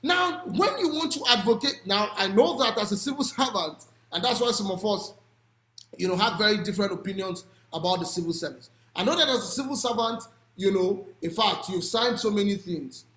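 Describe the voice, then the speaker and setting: An impassioned speaker with a Nigerian accent drives home each point with pointed rhetorical questions and now and then a raised voice. The delivery sits at a middling pitch. It is recorded in a noticeably echoey room. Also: lively intonation, brisk, fairly bright tone. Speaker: speaker on advocacy and policy. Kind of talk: impassioned public talk.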